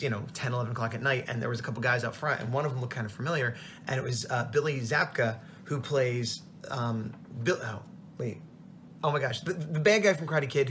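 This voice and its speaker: A tired man, a comic artist, telling a rambling, animated story in a casual vlog. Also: mid-range voice, slight background noise. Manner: rambling, animated retelling with quoted voices.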